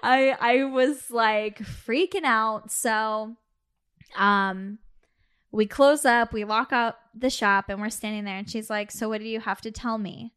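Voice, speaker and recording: A woman's voice: a little high, a little slow, clean tone. A woman co-hosting a podcast, telling a personal story in casual chat and acting out the quoted dialogue. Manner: animated, acts out quoted dialogue, laughs often. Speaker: podcast co-host.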